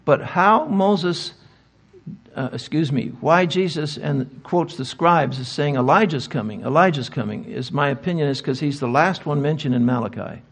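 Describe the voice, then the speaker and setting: Older male conference speaker, gravelly, slightly raised pitch, emphatic rhetorical style. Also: moderate pace. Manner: emphatic, asks rhetorical questions. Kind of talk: lecture answering audience questions. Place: conference hall.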